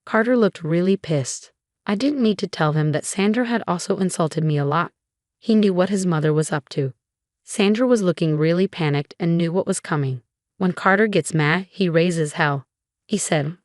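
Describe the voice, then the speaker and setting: A woman narrating a first-person story with an even, flat delivery. Her voice sits low for a woman, and the recording is dry and close. The reading stays scripted and steady throughout. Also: normal speed, no echo.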